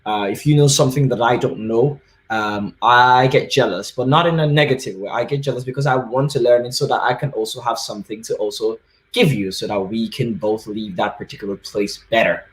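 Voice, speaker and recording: A man from Nigeria giving a relaxed, easygoing tech talk at an online conference. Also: mid-range voice, brisk, reverberant. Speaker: conference speaker.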